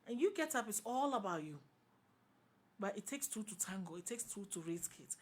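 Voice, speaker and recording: A woman with a Ghanaian English accent, speaking as a talk show panelist in a passionate, opinionated discussion, forceful and repeating her points for emphasis. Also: mid-range voice, lively intonation, normal speed, husky.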